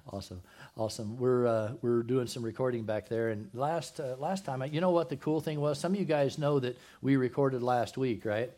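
A man's voice: mid-range voice, normal speed, dark tone. A man preaching a conversational sermon as pastor at a church service, asking the congregation questions and dropping jokey asides.

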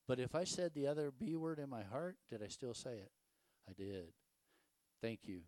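A man's voice: mid-range voice, normal speed, darkish tone, dry recording. An older man, preaching a casual, folksy sermon full of rhetorical questions and stories. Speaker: pastor.

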